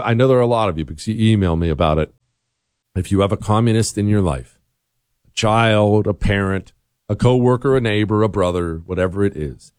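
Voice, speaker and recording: A man hosting a radio talk show, sarcastic and mocking, with sudden jumps into a high voice. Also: a little mellow, dry recording, studio quality. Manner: sarcastic, mocking, swings into high-pitched outbursts. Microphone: studio microphone.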